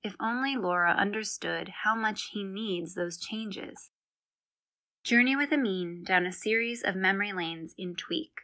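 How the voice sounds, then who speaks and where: A woman giving a crisp, scripted introduction to a short story. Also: mid-range voice, unhurried, pushed and bright. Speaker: announcer.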